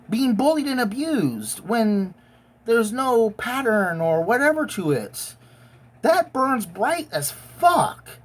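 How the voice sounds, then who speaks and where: A woman's voice: on the high side, slightly rough. A woman giving a blunt, profane, emotionally intense rant as a vlogger. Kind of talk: profane ranting monologue.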